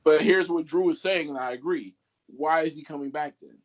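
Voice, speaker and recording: A man with a slightly higher voice keeps a loose podcast chat going. He pokes at his co-hosts with pointed questions, in a teasing, easygoing way. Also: moderate pace, dull audio. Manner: teasing, quizzes the others with questions. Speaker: podcast co-host. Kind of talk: casual wrestling chat.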